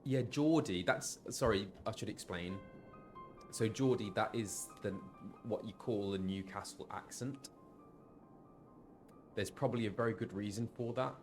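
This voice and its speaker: A man's voice: lowish voice, a little slow, darkish tone, faint music behind. A man streaming himself playing a game, chatting casually and muttering asides as he tries to remember names. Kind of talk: casual live-stream commentary.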